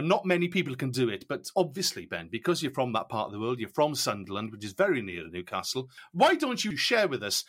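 A man's voice: mid-range voice, fairly bright tone, husky. A man co-hosting a podcast, chatting casually and wrapping up the show with theatrical enthusiasm. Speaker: podcast co-host. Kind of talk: casual chat and show wrap-up.

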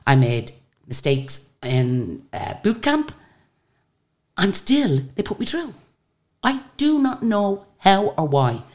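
An older woman singer, guesting on a radio interview, speaks at a medium pitch and takes it slowly. Her stories are chatty and animated, and she acts out the dialogue as she tells them.

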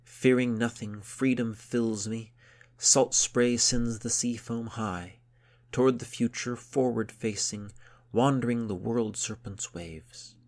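A man's voice: medium pitch, big pitch swings, normal speed, creaky, pitched above the performer's own voice. A man voicing a bold, curious young girl sailor who repeats new words carefully.

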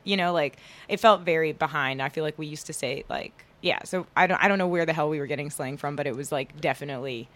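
A woman's voice: deep voice, fast, hardly any pauses, fairly bright tone. A woman from Georgia, a guest on a podcast, talking casually in a hesitant, rambling way with many restarts. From Athens, Georgia, US. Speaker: podcast guest, magazine editor. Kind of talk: casual interview chat.

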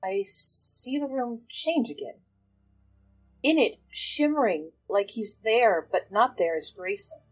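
A woman's voice: on the high side, lively intonation, takes it slowly, husky, soft background music, poor audio. A woman playing a tabletop game, narrating her character's vision and chatting with friends. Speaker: player. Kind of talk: casual chat and in-character narration.

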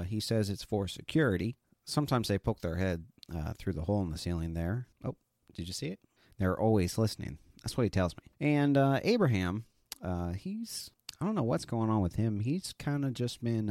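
A man's voice: on the low side, a little mellow, no room sound, clean studio sound. A man on a comedic radio show giving an apologetic update, rambling and hesitant with many fillers. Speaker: radio show crew member.

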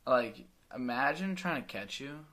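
A man's voice: mid-range voice, animated, measured pace, a bit bright. Young male podcast guest, mid-range voice, easygoing storyteller. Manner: laid-back, storytelling. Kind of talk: casual chat.

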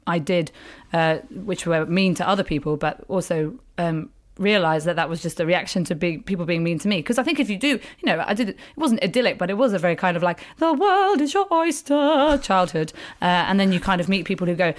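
A woman comedian in her thirties talks candidly in an interview, her voice sitting a little low. She tells stories with energy and slips into other people's voices when quoting them. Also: fast. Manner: animated storyteller, acts out quoted voices. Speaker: comedian guest.

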